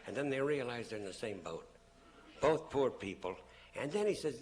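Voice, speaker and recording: A man's voice: mid-range voice, lively intonation, normal speed, a little mellow, a little hiss or hum. A man giving a public lecture to an audience, telling stories animatedly and acting out the people he quotes. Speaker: public speaker.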